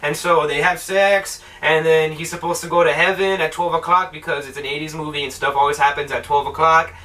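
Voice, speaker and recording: A young man rambles through a film review with lots of profanity and sarcasm. His voice is high and bright. He sounds a little far from the microphone. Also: fairly even intonation, fairly quick. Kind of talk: casual film review rant.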